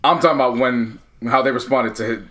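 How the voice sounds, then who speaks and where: A man co-hosting a casual sports podcast, telling stories animatedly and laughing often. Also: medium pitch. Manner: animated storytelling, quick retorts, laughs often. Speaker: podcast co-host. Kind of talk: casual chat.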